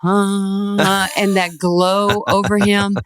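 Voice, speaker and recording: A woman in her sixties from New York, a guest telling lively stories in an interview and acting out the voices in them. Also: mid-range voice, extremely slow, clear, resonant tone, no room sound, studio quality. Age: 60s. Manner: animated storyteller, acts out quoted voices, laughs often. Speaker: guest, former basketball player. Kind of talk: storytelling interview.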